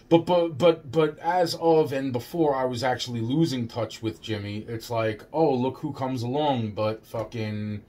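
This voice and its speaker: A man's voice: medium pitch, a little mellow. A man telling a long personal story straight to the listener, rambling, repetitive and full of swearing.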